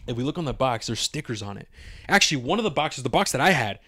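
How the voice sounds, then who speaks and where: A young man telling a story on a podcast, talking casually and swearing a lot. His voice sits at a middle pitch and gets animated as he acts out his own lines and his friend's. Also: quick pace, no echo, clean studio sound. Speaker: podcast co-host.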